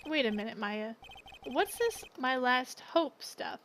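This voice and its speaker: A woman's voice: high voice, sing-song, takes it slowly, background noise, exaggerated voice. A woman voicing a young male defense lawyer who questions a witness pointedly, reading a game aloud. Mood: pressing. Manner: questioning, probing. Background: game music.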